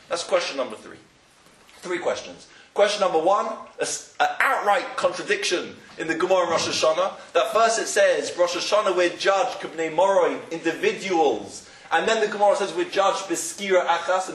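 A man's voice: high-pitched, animated, a little fast, a bit bright. A man giving a Talmud lecture, asking rhetorical questions and mixing in Hebrew and Yiddish terms, often restarting his words. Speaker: Torah teacher. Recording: roomy, distant mic, faint noise.

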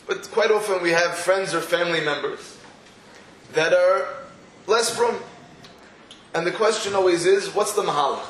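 A man with a notably high voice leads a Torah class, firing off rhetorical questions between stories. He sounds roomy and echoey, with a faint hum of ambience behind him. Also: moderate pace, a bit bright. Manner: rhetorical questions, storytelling asides. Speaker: Torah teacher.

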